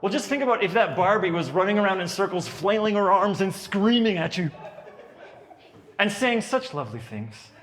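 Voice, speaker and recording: A man in his thirties doing stand-up comedy at a birthday party, telling stories about his kids with lively, animated delivery. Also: high voice, moderate pace, in a large hall. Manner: animated storytelling, puts on kids' voices.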